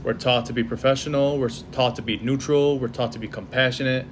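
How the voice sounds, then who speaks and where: A man's voice: medium pitch, fairly even intonation, fairly quick. Earnest man nurse, air conditioner hum. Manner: earnest, hesitant with fillers. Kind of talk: commentary to camera.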